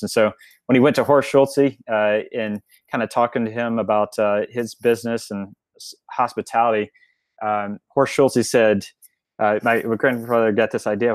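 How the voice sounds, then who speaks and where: Low-voiced man telling a rambling story. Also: little pitch movement, a little fast, no echo. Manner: rambling, many restarts and fillers. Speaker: guest, family member of a restaurant chain. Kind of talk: casual storytelling in an interview.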